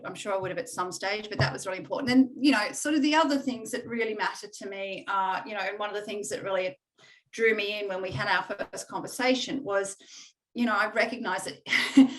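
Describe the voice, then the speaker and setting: A middle-aged woman, a coaching client, speaking candidly and reflectively in conversation, halting often with fillers. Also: medium pitch, a bit bright, poor audio.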